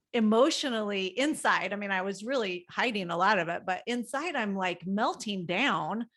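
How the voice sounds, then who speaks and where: A woman's voice: medium pitch, fairly bright tone. Candid, rambling middle-aged woman counselor. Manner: candid, rambling, with frequent fillers and laughs. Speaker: guest family counselor. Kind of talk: casual podcast conversation.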